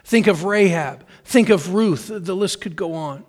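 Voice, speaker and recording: Male pastor, middle-aged, earnest measured sermon delivery, slightly raised pitch. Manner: earnest, measured preaching with emphatic repetition.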